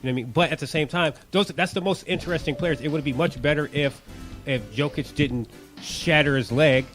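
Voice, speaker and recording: A man's voice: a little high, fairly even intonation, brisk, a bit bright, faint music behind. A man co-hosting a sports radio show in a studio, talking in long runs and often asking if you know what he means. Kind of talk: casual sports debate.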